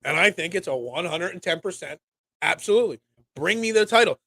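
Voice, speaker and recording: A young man hosting a casual solo sports talk show, rambling and animated with lots of restarts. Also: sits high, fairly quick, no room sound.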